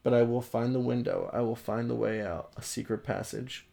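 A man reading as a brooding, gravelly Batman. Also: medium pitch, level tone, normal speed, dark tone, natural voice. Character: brooding grizzled male Batman, talks to himself.

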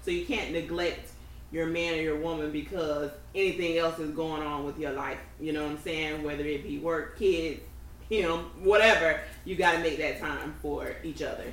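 A woman's voice: low voice, steady tone, normal speed, distant mic. A woman guest on a podcast, earnestly giving views on relationships. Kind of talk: casual chat. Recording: echoey room, off-mic, faint noise.

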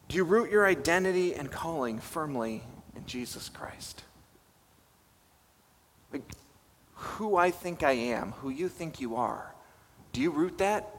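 A young male pastor with a high-pitched, fairly bright voice delivers a conversational, self-deprecating sermon and puts questions to his listeners. The recording sounds like a reverberant hall with faint ambience.

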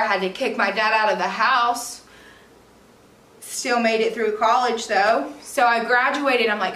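A woman's voice: a little high, bright, forceful tone. A woman in her twenties, a podcast host, telling a personal story in a candid, chatty way full of "like" and "literally", recorded at home on a camera mic. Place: room at home. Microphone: camera mic, at a distance. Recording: echoey room, distant from the mic, faint hiss.

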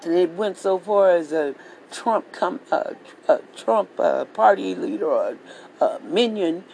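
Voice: mid-range voice, animated, unhurried, creaky, a little mellow, a little hiss or hum, poor audio. A vlogger delivering a heated political rant monologue, swearing freely and repeating phrases for emphasis. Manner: profane, repetitive, heated ranting.

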